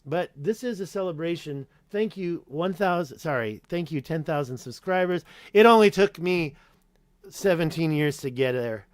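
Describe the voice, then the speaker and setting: This native English speaker is a YouTube host answering live chat in a casual stream Q&A, talking animatedly at a moderate pace in a slightly high voice. He rambles, corrects himself mid-thought, and reads viewer names between answers. There's no room echo; the recording is close and dry.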